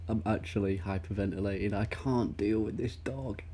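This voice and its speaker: A man's voice: fairly low pitch, fairly even intonation, unhurried, a little mellow, faint music behind. A young British man hosting a reaction video, ranting with sarcastic, sweary commentary at his desk mic. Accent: British English. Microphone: desk mic, no face cam.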